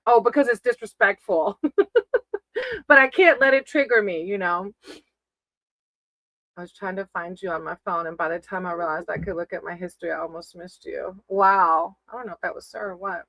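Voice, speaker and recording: A woman's voice: fairly low pitch, normal speed, fairly bright tone, dry recording, low-quality recording. A woman giving casual live-stream tarot readings, chatty and affectionate, calling her viewers sweetie and baby. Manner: chatty, reads names off a list.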